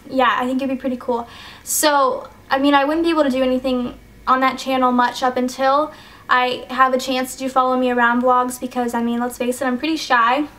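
A woman's voice: high voice, a bit bright. A teenage girl chatting in a casual vlog, rambling and hesitant with many fillers, choked up and sniffly. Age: teens. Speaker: YouTuber.

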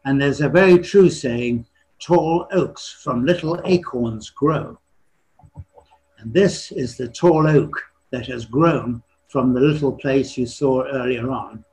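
Elderly man lecturing, clearing his throat. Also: mid-range voice, darkish tone, poor audio. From born in China, raised partly in England. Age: 80s. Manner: frequently clears his throat, halting with restarts. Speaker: retired surgeon giving a history talk. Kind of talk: illustrated lecture with slides.

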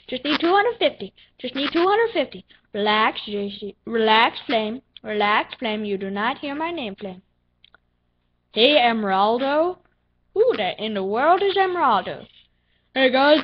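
A young female gaming channel host giving excitable, playful commentary while playing, with silly sound effects. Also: on the high side. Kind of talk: casual gameplay commentary. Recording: dull lo-fi recording with faint noise.

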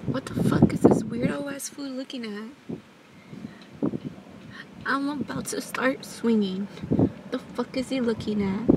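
A woman's voice: a little high, steady tone, a little slow, long pauses. A young woman vlogging casually, crude and self-mocking, often laughing and hyping herself up. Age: young adult. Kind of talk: casual vlog chatter. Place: outdoors at a beach. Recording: loud outdoor noise.

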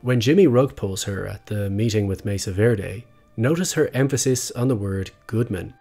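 A man narrating a scripted video essay in a measured, analytical way. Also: on the low side, dark tone. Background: faint background music.

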